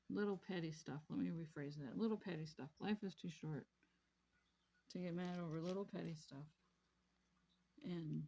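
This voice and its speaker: A woman's voice: lowish voice, darkish tone, slight background noise. A woman vlogging casually about her craft hobby, rambling and repeating herself in an easygoing way. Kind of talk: casual chat while crafting.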